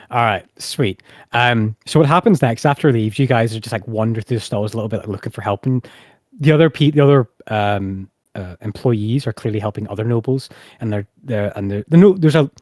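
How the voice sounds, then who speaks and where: A man runs a tabletop game in a hesitant, halting way, filling gaps with ums and restarts. His voice sits in a middle register. The sound is dry and close. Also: mid-range voice, darkish tone, dry recording. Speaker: game master.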